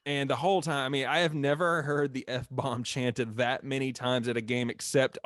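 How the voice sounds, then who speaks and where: A man with a drawl tells a long story among friends, animated and quick to laugh, slipping into other people's voices as he goes. His voice sits at an ordinary middle pitch and sounds close and dry, with no room around it. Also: dry recording. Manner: animated, acts out quotes, laughs often. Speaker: former mascot telling a story. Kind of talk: casual storytelling on a podcast.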